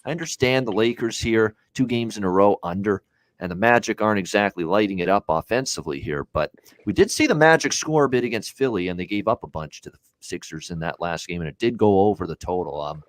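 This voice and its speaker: Low-voiced man hosting a betting show. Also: animated, a little fast, no echo. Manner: blunt, many "uh" fillers, rattles off scores. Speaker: sports betting show host. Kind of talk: casual sports betting talk.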